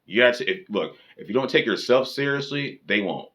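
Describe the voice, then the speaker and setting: A man's voice: medium pitch, expressive, brisk, a bit bright. A man giving dating advice in a blunt, profane, lecturing rant to camera.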